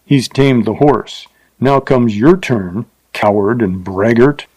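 A man's voice: medium pitch, slow pace, darkish tone, breathy edge. A man voicing a boastful, threatening male gunslinger of the Old West in an audiobook.

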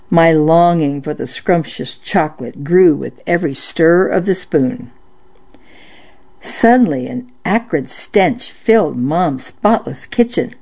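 A woman with a low voice reads old-time stories aloud in a measured, steady narration. The sound is dull and lo-fi, like an old radio recording. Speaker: story reader. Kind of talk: scripted storytelling narration.

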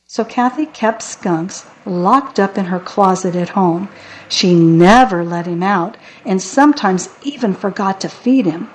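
A woman narrating a children's audiobook in a wry, deadpan way. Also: medium pitch, measured pace, rough recording.

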